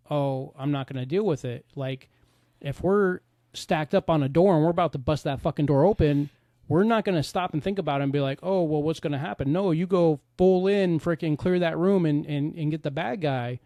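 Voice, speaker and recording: A man's voice: fairly high pitch, dark tone, dry recording, studio quality. A man in casual podcast chat, talking candidly and bluntly, swearing freely.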